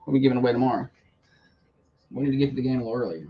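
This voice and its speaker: A man co-hosting a morning radio show, chatting casually and joking with quick asides. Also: medium pitch, breathy edge, lo-fi sound.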